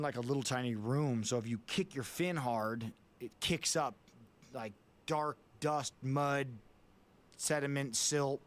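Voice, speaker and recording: A man's voice: medium pitch, a little hiss or hum. Man, mid-range voice, talk show guest, casual storytelling, swears a lot. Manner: profane, vivid storyteller.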